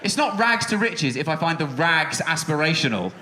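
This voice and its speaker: Ranting young comedian on stage. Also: male voice, fairly high pitch, very animated, moderate pace. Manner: exasperated ranting, swears freely, sudden drops to muttered asides. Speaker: stand-up comedian. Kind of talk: stand-up comedy routine. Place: music hall stage with live audience. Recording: live show with audience noise.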